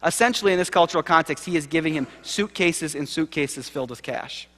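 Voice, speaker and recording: A man giving a sermon-style keynote, telling a story with acted quotes and swinging from loud to hushed. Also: on the high side, a little fast, few pauses. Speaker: keynote speaker. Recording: live lecture hall reverb.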